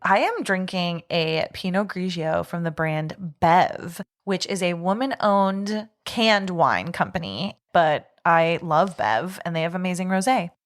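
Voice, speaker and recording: A woman's voice: on the low side, animated, a little slow, hardly any pauses. Chatty young woman podcast host. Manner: chatty, laughs often, shares fun facts. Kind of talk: casual podcast chat.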